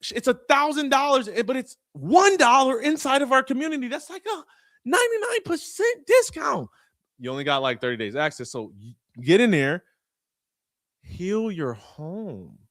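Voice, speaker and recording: A man's voice: extremely high pitch, brisk, dry recording. Host type, thirties, male, slangy and hyped, voice leaping all over the place, close and dry. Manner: excitable, shouting out names, slangy. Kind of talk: hype-filled live community broadcast.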